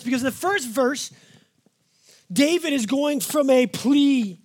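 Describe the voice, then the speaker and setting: A man, a pastor with five kids, preaching a sermon in a folksy, conversational way and slowing down to stress the scripture he reads. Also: extremely high pitch, animated.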